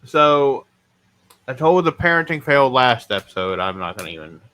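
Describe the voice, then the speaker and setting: A man's voice: medium pitch, sing-song, moderate pace, bright, forceful tone. A man hosting a podcast, telling stories in a casual, rambling, self-mocking way and swearing freely. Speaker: podcast host.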